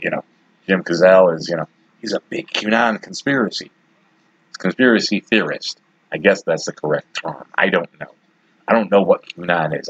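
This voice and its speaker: Podcast host, male, 40s: blunt and rambling, husky voice, dry close sound. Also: sits low, no room sound, dull audio. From Detroit, USA. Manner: rambling, blunt and opinionated, with frequent asides. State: has the hiccups. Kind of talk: casual solo commentary.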